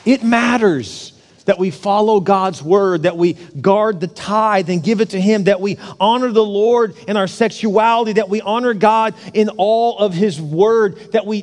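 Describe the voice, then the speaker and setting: A male pastor preaching a sermon in a church sanctuary, animated, acting out scenes and dropping to a hushed intensity. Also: high-pitched. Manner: animated preacher, acts out a partying king. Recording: long church hall reverb.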